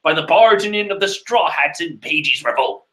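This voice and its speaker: A man voicing a pompous male town official in a loud, theatrical tone. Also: fairly high pitch, lively intonation, moderate pace. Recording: echoey room.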